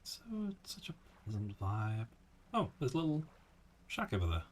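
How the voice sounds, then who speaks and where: Low-pitched male streamer, easygoing game commentary, casual swearing. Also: sing-song, normal speed, a little hiss or hum. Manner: laid-back, swears and laughs often.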